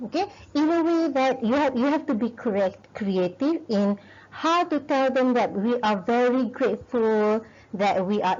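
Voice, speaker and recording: A woman's voice: fairly high pitch, a little mellow. A woman lecturer with a Malaysian English accent, explaining step by step in a recorded video lesson and often checking in with "okay?". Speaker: university lecturer. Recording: dull lo-fi recording.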